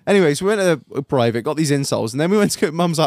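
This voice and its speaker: A man's voice: a little high, expressive, rapid-fire, a little mellow, no echo, studio quality. A young man telling a story in a casual podcast chat, swearing freely as he goes. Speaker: podcast co-host. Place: studio.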